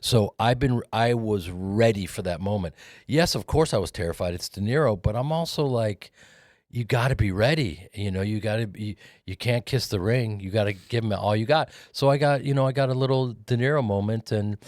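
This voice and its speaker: A man in his fifties, a guest actor and comedian, telling animated showbiz stories in a radio studio on a studio mic. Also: lowish voice, normal speed, dry recording. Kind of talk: animated storytelling. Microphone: studio microphone.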